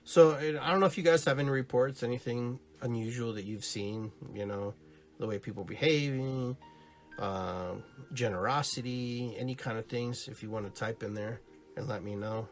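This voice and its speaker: A man's voice: medium pitch, normal speed. A man hosting a live-streamed podcast, chatting casually and rambling, who greets his viewers and acts out little stories. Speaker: podcast host.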